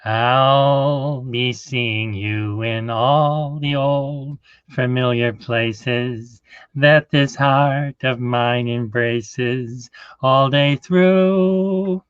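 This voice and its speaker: A man putting on a nasal old-time crooner who stretches every word out very slowly in a smooth, ringing tone. The sound is dull and dry, as if recorded close in a small deadened space. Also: mid-range voice, no room sound. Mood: crooning. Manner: slow drawn-out crooning. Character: crooning nasal male showman, impression of a famous pianist.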